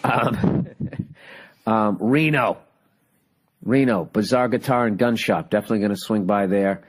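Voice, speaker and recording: Rambling, profane man with a lower voice. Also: measured pace. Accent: Boston. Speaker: podcast host. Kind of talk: casual chat.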